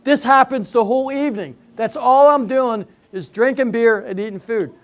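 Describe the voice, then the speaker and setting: Older man doing high-pitched stand-up. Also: moderate pace. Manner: chatty storytelling, banters with the audience. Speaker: stand-up comedian. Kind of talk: stand-up comedy routine. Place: senior center hall before a live audience.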